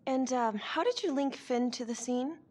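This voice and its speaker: An actress playing a composed female district attorney who asks calm, formal questions. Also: high-pitched, normal speed. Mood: probing.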